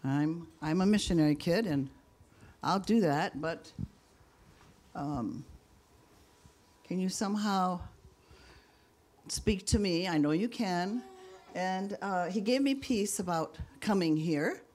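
A woman sharing her personal testimony with a congregation in a candid, self-deprecating, halting way. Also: fairly low pitch, a little mellow. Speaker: minister's wife giving testimony.

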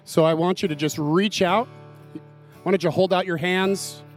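A man's voice: high-pitched, steady tone, moderate pace. A man leading an earnest spoken prayer in a church service. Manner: earnest, softly declarative. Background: guitar music.

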